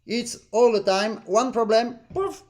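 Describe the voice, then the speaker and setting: High-voiced man teaching accordion. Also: lively intonation, moderate pace, darkish tone. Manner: demonstrative, sings rhythms in syllables; earnest, repeats points to stress them. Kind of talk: master class instruction. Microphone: online lesson stream.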